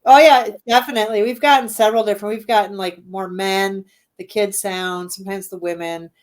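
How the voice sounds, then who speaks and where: A woman's voice: medium pitch, steady tone, fairly quick. A woman owner of a haunted venue, chatting casually as a guest and rambling with many ums. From Midwestern United States. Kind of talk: casual interview chat.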